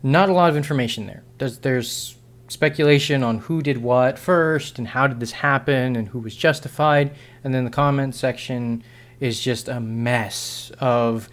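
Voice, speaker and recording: A man's voice: mid-range voice, normal speed. A man vlogging an unscripted opinion monologue, frustrated and sarcastic, rambling with frequent restarts and self-corrections.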